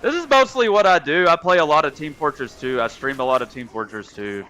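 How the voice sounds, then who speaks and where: A man's voice: on the high side, lively intonation, fairly quick, pushed and bright. A young man streaming a game, chatting casually and answering viewers' messages as he plays. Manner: chatty, reads and answers live chat. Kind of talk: casual chat while gaming.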